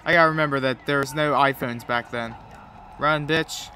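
A man's voice: mid-range voice, steady tone, fast, pushed and bright, a little hiss or hum. A man with a cold giving profane, joking play-by-play commentary while playing a game. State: has a cold. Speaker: gamer commentator.

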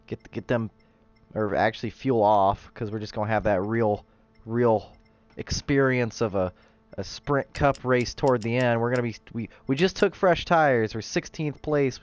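A man streaming a racing game, chatting casually with viewers and bursting into excited race calls. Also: mid-range voice. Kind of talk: casual livestream chat with race commentary. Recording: game sound in the background.

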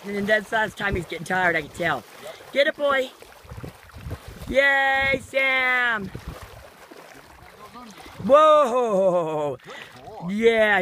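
A woman's voice: mid-range voice, bright, forceful tone, a little hiss or hum. A woman filming a home video, giving her dog commands and praise in a coaxing, sing-song pet-talk voice. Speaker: dog owner. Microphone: handheld phone camera.

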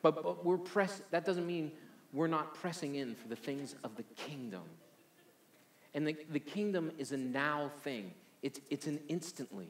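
Pastor guy preaching, kinda high voice, stumbles and repeats, echoey room. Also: moderate pace, slight background noise. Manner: energetic, repeats words as he restarts. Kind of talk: sermon.

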